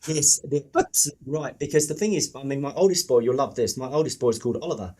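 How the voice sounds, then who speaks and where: Chatty middle-aged English podcast host. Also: male voice, medium pitch, lively intonation, fast, mellow. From England. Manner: enthusiastic, chatty, swears casually. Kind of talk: podcast interview.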